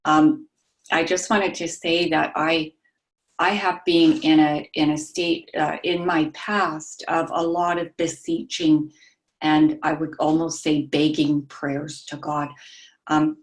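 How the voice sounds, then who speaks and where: A woman sharing in a study group, soft-spoken and halting, with frequent pauses and ums. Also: low voice, level tone. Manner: describes herself as meek and mild.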